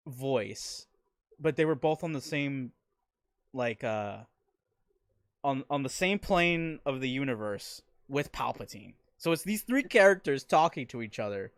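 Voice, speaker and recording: Excitable male interviewer, dry sound. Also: medium pitch, unhurried, smooth, dry recording. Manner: excitable, laughs often, swears freely. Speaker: interviewer and streamer. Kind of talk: casual chat.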